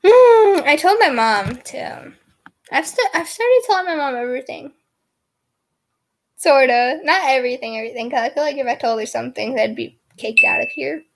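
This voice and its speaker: High-voiced giggly young woman rambling. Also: animated, normal speed, a bit bright. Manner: giggly, rambling, heavy use of filler words. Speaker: vlogger. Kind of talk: casual storytime chat.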